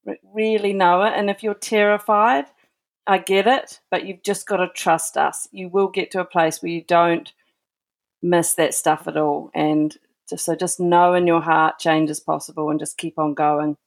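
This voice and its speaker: A woman's voice: fairly low pitch, moderate pace. A woman author, a guest on a podcast, chatting casually and telling stories with enthusiasm. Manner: enthusiastic, animated storytelling. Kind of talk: casual interview chat.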